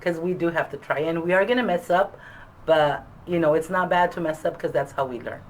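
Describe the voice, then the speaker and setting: Low-voiced, hesitant woman. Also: brisk, rough recording. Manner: hesitant, soft-spoken, many fillers. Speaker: adult school graduate. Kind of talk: casual interview chat.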